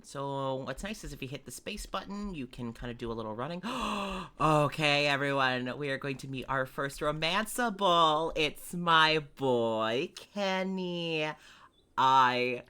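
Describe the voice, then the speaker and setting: Streamer, woman: low but bright voice, lively delivery, chatty game commentary. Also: measured pace, clean tone. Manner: chatty and explanatory, with small laughs. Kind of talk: casual let's-play commentary.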